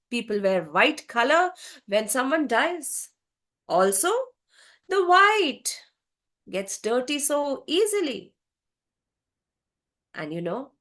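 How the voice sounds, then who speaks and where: A woman's voice: high-pitched, a bit bright, voice pushed up, heavily acted. A woman voicing a self-pitying male swan who complains about his lot, in a told fable. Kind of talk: storytelling with voices.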